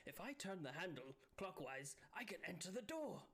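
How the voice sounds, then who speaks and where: A woman's voice: fairly low pitch, fairly bright tone, breathy edge. A Scottish woman giving casual, sweary, playful commentary while streaming a game, laughing often. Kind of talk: casual live gameplay commentary.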